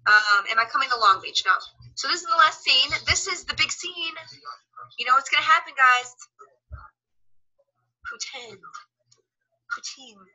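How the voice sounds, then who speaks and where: A woman chatting casually on a live stream from her phone, talkative and animated, breaking into quick exclamations and giggles. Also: a little high, muffled recording. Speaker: actress live-streaming while watching her show.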